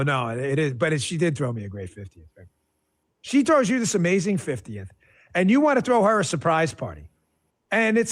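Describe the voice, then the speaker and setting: Animated male political commentator. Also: a little high. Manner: animated, emphatic, with many asides. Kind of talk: podcast commentary.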